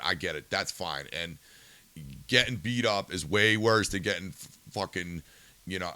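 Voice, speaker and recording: Bright, dry-voiced man ranting angrily. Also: sits low, smooth, no room sound. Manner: angry, swearing, rhetorical questions; subdued and somber. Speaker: podcast host. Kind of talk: profane ranting monologue.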